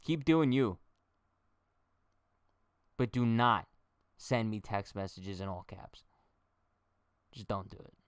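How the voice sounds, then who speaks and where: A man's voice: on the low side, expressive, slow, long pauses, clear, resonant tone, no room sound. A young man hosting a casual baseball livestream, chatting and joking straight to his viewers. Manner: chatty, jokey, talks to chat directly.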